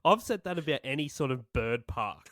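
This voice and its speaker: A man's voice: medium pitch, expressive, normal speed, fairly bright tone, dry recording, clean studio sound. An Australian man co-hosting a podcast in casual, laughing, sweary chat. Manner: laughing, sweary, mock-singing nonsense. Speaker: podcast co-host.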